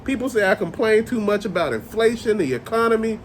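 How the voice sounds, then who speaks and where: A man's voice: sits high, animated, fairly quick, a little hiss or hum. A man hosting a toy channel, ranting in a casual, profane, exasperated way. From Chicago area. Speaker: host of a toy rant channel.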